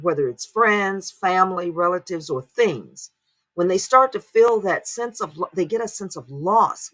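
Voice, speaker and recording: Her voice is mid-range and a bit bright as she delivers casual spoken commentary on her channel. She talks straight to her audience, asking rhetorical questions and repeatedly checking in with "right?".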